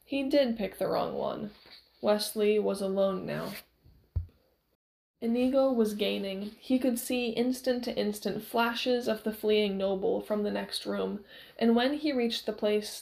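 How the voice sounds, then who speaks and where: A woman narrating a novel aloud in a measured, steady storytelling way. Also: medium pitch, creaky. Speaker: audiobook narrator.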